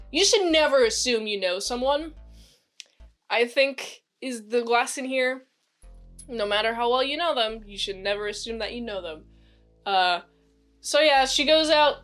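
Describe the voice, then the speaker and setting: A woman reviewing a series in a loose, chatty recap, her fairly high voice bouncing with excitement. She leans on "like" constantly as she talks. Faint music plays behind her. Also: measured pace, pauses often. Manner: chatty and excitable, heavy use of "like", acts out quoted lines. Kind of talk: casual episode recap.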